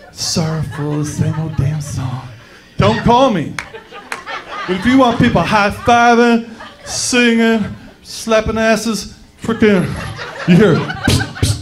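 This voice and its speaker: A man doing a brash, crude stand-up set on a comedy club stage. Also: high voice.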